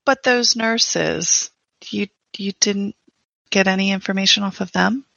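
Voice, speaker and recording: A woman's voice: mid-range voice, measured pace, vocal fry, bright, forceful tone, dry recording, muffled recording. A woman playing a tabletop game, speaking in character in an earnest, concerned way. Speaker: player.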